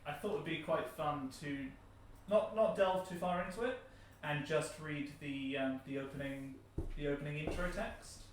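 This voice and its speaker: A man's voice: a little high, normal speed, a little hiss or hum. A man with an English accent hosting a casual livestream chat about board games, hesitant and full of fillers. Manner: hesitant, lots of fillers and restarts. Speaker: board game company host. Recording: echoey room, distant mic.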